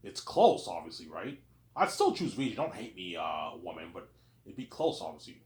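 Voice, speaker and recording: A man talks to camera in a loose, rambling monologue, circling back on himself and repeating the same words. His pitch swings up and down a lot. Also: big pitch swings, normal speed, darkish tone, roomy sound. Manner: rambling, repeats himself, keeps saying "obviously". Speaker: vlogger.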